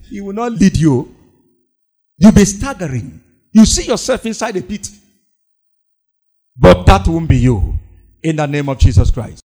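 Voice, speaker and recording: Lively high-pitched male preacher. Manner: emphatic, repeating lines, quoting scripture. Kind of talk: sermon.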